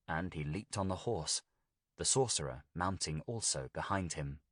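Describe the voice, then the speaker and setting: A man narrating a gothic tale as an audiobook reading, in a steady, deliberate storytelling manner. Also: low voice, no room sound, clean studio sound.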